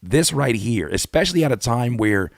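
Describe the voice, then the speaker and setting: An excitable man on a casual live reaction stream, his voice leaping around in pitch as he bursts out and then drops to a mutter. He mixes read-aloud notes with slangy commentary. The sound is dry and close, with no room echo. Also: moderate pace, vocal fry. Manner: excitable, swings from loud exclamations to muttering. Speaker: YouTube host reacting to a song.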